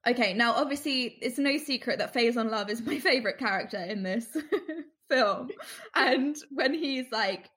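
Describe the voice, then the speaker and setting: A woman co-hosting a casual chat, her voice a touch high as she giggles through her favorite lines. She is enthusiastic and easygoing throughout. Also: normal speed, a bit bright. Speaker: podcast co-host. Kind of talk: casual chat about favorite film quotes.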